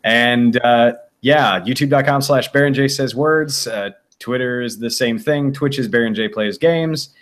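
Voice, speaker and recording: A man's voice: medium pitch, measured pace, hardly any pauses, fairly bright tone. A man who does voice work, joking playfully as a guest on a casual group podcast. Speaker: podcast guest, voice actor and YouTuber.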